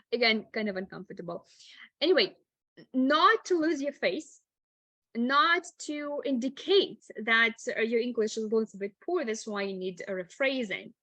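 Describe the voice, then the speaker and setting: Woman teacher, webinar lecturer; chatty, fillers, high-pitched, dry close sound. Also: fairly bright tone, no echo. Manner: chatty, laughs often, many "like" fillers. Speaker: English teacher.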